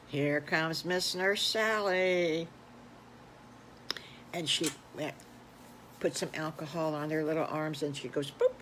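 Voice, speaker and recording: Older woman storyteller, gentle and unhurried, children's tale, light noise. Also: low-pitched, steady tone, low-quality recording. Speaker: storyteller grandmother.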